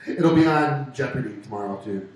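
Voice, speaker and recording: A man's voice: medium pitch, lively intonation, normal speed, darkish tone. A man co-hosting a casual radio show, joking and laughing often. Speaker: co-host of a pub radio show. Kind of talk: casual banter. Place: pub. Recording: echoey pub room from far off. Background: faint room noise.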